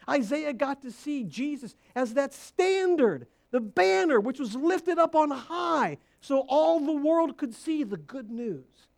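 Woman preacher, high voice, repeats her big words, goes quiet then loud. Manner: emphatic, repeats key phrases for stress; swings between hushed low lines and loud high bursts. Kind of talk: sermon.

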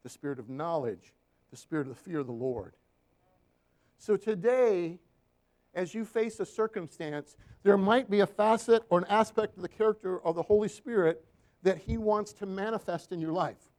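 A man with a high-pitched voice preaches a sermon, telling stories from his counseling work. He walks the congregation through slides and keeps asking them for an amen. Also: normal speed, a little mellow. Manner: storytelling, asks the room for "Amen?". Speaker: Christian counselor and guest preacher.

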